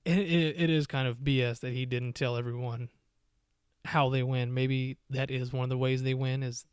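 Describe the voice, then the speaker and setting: Smooth-voiced man reviewing a movie. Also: medium pitch, level tone, normal speed, no room sound, studio quality. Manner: rambling, many fillers and restarts. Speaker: podcast host.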